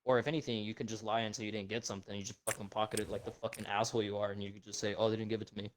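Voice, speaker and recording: A man's voice: fairly low pitch, little pitch movement, racing, background noise. A young man co-hosting a podcast, ranting bluntly and swearing a lot in casual chat. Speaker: podcast co-host.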